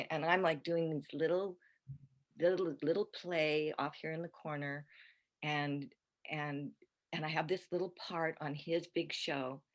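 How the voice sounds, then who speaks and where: An older woman with a notably low-pitched voice talks as a podcast guest. Her casual chat rambles, with frequent restarts and easy laughter between stories. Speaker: guest actress.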